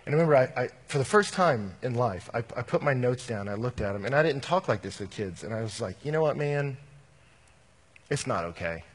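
A man preaching a sermon as a pastor, telling personal stories, swinging from animated to quiet and intimate. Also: medium pitch, quick pace, hardly any pauses, breathy edge.

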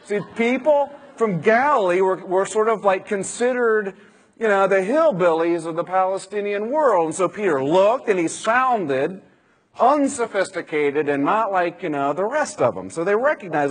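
Husky preacher with a lively voice. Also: male voice, sits high, normal speed. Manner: conversational, dramatizing scripture, rhetorical questions. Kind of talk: sermon.

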